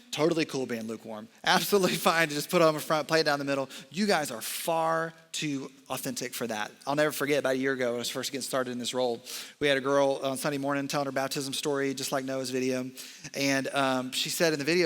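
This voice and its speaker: Bright-voiced young man preaching in a hall. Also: a little high, quick pace. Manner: animated, joking asides, goes off script. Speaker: college ministry director. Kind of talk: sermon. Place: large church hall. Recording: long hall reverb.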